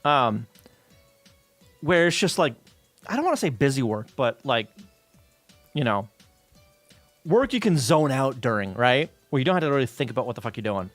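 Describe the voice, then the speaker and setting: A man talks casually to his stream while coding, rambling through fillers and the odd swear. His pitch jumps around in a lively way. The room sounds dry, with faint music underneath. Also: moderate pace, long pauses, no room sound. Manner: rambling, many fillers, swears casually, reads chat aloud.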